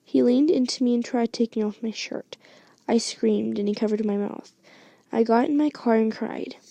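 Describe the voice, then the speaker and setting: Hushed, gravelly young woman, whispered story reading. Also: on the high side, dry recording, dull audio. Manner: hushed, halting, with restarts. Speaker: story reader.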